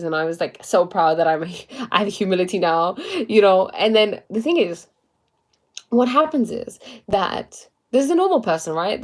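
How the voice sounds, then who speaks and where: A young woman casually giving spiritual and motivational talk to live viewers, chatty and full of fillers. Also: medium pitch. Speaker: livestream host.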